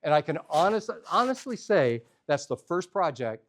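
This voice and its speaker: Male storyteller, comic and self-mocking, with a bouncy, highly expressive delivery. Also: moderate pace. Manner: animated, humorous, self-deprecating. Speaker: storyteller leading a workshop. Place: workshop room with a live audience.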